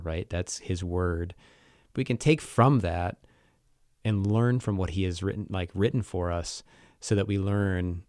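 A man's voice: low-pitched, a little mellow, no echo, studio quality. A man co-hosting a podcast, discussing faith in a thoughtful, questioning way. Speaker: podcast co-host.

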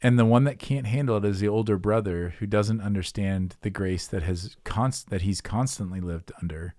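Low-voiced man talking faith on a podcast. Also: moderate pace, mellow, dry recording, studio quality. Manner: earnest, reflective, storytelling. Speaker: podcast co-host. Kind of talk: casual faith discussion.

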